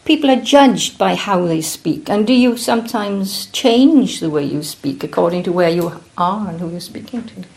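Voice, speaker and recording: A woman's voice: medium pitch, animated, normal speed, vocal fry, few pauses, a little mellow. Woman interviewer asking probing questions. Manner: probing, restarts questions mid-sentence.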